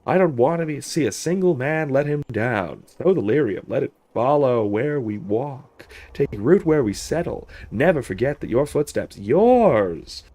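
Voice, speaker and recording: A man's voice: medium pitch, lively intonation, a little slow, hardly any pauses, dark tone, voice pushed up. A man voicing a stern, zealous male general, declaiming a letter aloud in a put-on accent.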